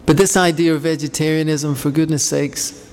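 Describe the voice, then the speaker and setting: A man's voice: fairly high pitch, level tone, normal speed, in a large hall, a little hiss or hum. A man leading a devotional group, talking informally and telling rambling anecdotes between questions. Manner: rambling, anecdotal, warm storytelling.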